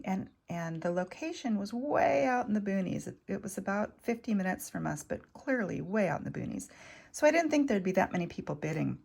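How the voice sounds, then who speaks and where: A woman talking casually in a vlog, showing off vintage jewelry finds with enthusiasm and sometimes dropping to a soft near-whisper. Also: mid-range voice, vocal fry. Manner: chatty, enthusiastic, drops to soft near-whispers over delicate pieces. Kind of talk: casual show-and-tell vlog.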